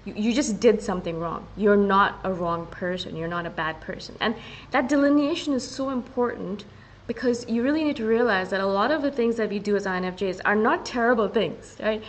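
A woman's voice: mid-range voice, a little hiss or hum, low-quality recording. Earnest woman hosting a solo podcast. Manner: earnest and confessional, often slowing down to stress words. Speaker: podcast host. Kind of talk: casual solo podcast talk.

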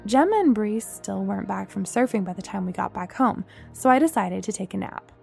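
A woman narrating a first-person story in a steady, measured way. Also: medium pitch, creaky, soft background music.

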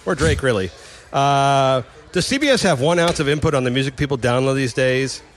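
A man hosting a casual chat at a rapid clip, opinionated and quick to laugh. His voice sits at a middle pitch. There is a faint hum of noise behind him. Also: expressive. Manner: fast, opinionated, laughs often.

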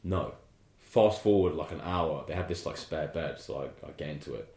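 A man tells a travel story in a loose, laid-back way, peppering it with "like" and swearing. His voice sits very low. The room around him is echoey. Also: expressive, moderate pace, darkish tone. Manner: laid-back, swears a lot, heavy use of "like". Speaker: podcast guest telling a travel story. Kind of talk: casual storytelling chat.

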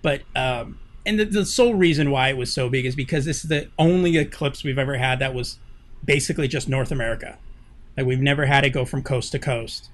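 A man's voice: medium pitch, brisk. Laughing man in easygoing podcast chat. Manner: laughs often, rambling. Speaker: podcast co-host. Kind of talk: casual banter.

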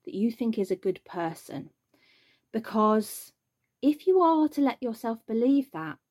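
Earnest mother with a mellow voice. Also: fairly high pitch, sing-song, measured pace. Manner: earnest, emphatic, reflective. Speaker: mother sharing her experience. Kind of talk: personal testimony.

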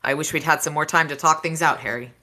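A woman's voice: low voice, steady tone, quick pace, pushed and bright. A woman reading as a resolute tough cop. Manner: resolute and blunt.

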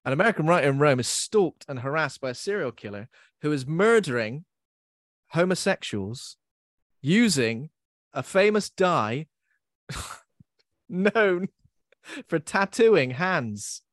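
A man's voice: a little high, big pitch swings, takes it slowly, pauses often, no room sound, studio quality. A man hosting a podcast in a casual chat, giggling and mocking himself as he stumbles over his words. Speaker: podcast host.

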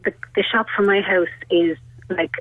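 A woman's voice: mid-range voice, fairly even intonation, moderate pace, dry recording. A woman in her thirties with an Irish accent, a radio caller telling a personal story in a chatty, rambling way. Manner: chatty and rambling, full of "like" and "you know". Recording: tinny phone line.

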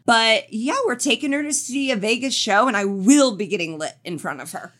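A woman's voice: fairly high pitch, brisk. A woman co-hosting a comedy podcast, chatting playfully and acting out the people in her stories. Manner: animated, playful, acts out quotes. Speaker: podcast co-host. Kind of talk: casual comedic chat.

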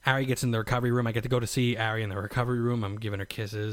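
A man's voice: mid-range voice, steady tone, fast talker, no room sound. Rambling, swearing young man, dry sound. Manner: rambling, profane, lots of fillers. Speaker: new father telling his birth story. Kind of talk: casual storytelling vlog.

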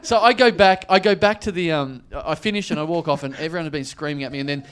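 A man's voice: a little high, fast talker, a bit bright. A man telling a long story as a comedian guest on a live podcast, acting out other people's lines and laughing often. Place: live venue before an audience.

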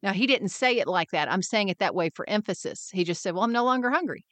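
Woman podcast host, mid-pitched, encouraging and upbeat, dry close-mic sound. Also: expressive, quick pace, a bit bright, no echo. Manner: upbeat, encouraging, acts out quoted voices. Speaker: podcast host and wellness mentor. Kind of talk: scripted podcast monologue.

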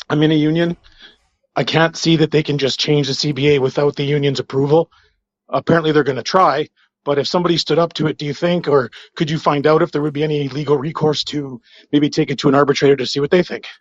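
A man's voice: fairly high pitch, no echo, dull audio. A man leaving an earnest question for a podcast. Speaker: caller. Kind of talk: voicemail question.

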